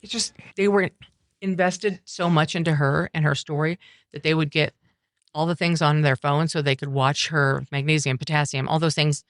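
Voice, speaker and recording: Middle-aged woman, podcast guest, earnest and reflective, halting restarts, smooth voice, dry sound. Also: sits low, fairly even intonation, dry recording. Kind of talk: personal storytelling conversation. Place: coffeehouse.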